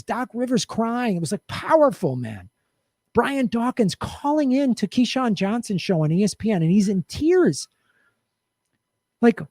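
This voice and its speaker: A man's voice: high-pitched, darkish tone, dry recording, studio quality. A middle-aged man hosting a podcast, delivering a fired-up, profane political commentary rant. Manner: impassioned, profane, emphatic. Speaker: podcast host.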